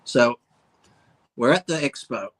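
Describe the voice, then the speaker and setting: A man's voice: mid-range voice, lively intonation, slow pace, a bit bright, slight background noise, poor audio. A middle-aged man, a blunt storyteller cracking crude jokes in casual chat. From Australia. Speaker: bodybuilder co-host.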